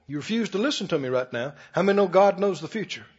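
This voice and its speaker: A husky, high-pitched male preacher delivers a folksy, emphatic sermon, his voice leaping across a wide range. He keeps putting questions to the audience. The recording sounds dull and carries a long hall reverb. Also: big pitch swings, fast talker. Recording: dull echoey hall broadcast.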